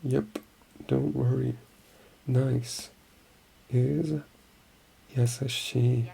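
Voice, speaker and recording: An ASMR creator talking in a soft-spoken ASMR ramble, murmuring and often slipping into a whisper, slowly repeating practice words to themselves. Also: mid-range voice, flat delivery, creaky, a little hiss or hum.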